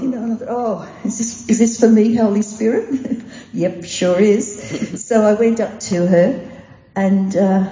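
A woman's voice: mid-range voice, warm tone, a little hiss or hum. An older Australian woman chatting and telling stories, chuckling and getting a little emotional as she talks. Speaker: guest sharing testimonies. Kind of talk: casual storytelling. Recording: dull echoey hall audio.

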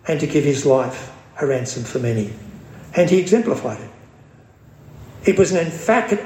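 A man preaching a sermon, emphatic and slowing down to stress quoted scripture. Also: a little high, a little mellow, echoey room, low-quality recording.

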